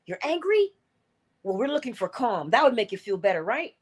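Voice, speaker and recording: A woman's voice: fairly high pitch, sing-song, a little fast, slightly rough. A woman speaks to her listeners in a motivational livestream talk. She is earnest and coaching, and she repeats her key phrases to press them home. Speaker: inspirational speaker.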